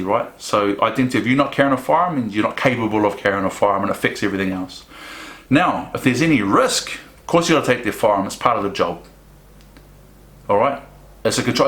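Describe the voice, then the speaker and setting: A middle-aged New man talks frankly through audience questions, slipping into short acted bits of dialogue. His voice sits at an everyday pitch, and the room carries a clear echo around it. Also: fairly bright tone. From New Zealand. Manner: frank, conversational, acts out quoted dialogue. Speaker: speaker answering audience questions. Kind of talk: Q and A talk at a summit. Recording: roomy echo.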